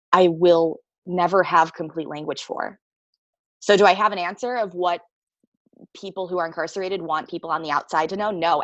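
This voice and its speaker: A woman's voice: lowish voice, no echo, low-quality recording. A woman actor telling stories in a casual interview, candid and laughing often, swearing freely.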